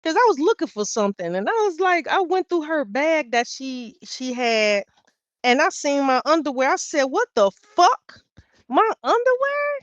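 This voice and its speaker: A woman with a fairly high voice tells a personal story in loose, casual talk. She swears freely and keeps jumping between loud, worked-up bursts and low, muttered asides. The recording is dry and a little dull. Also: moderate pace, dry recording. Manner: profane, animated, swings loud then quiet. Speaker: podcast guest.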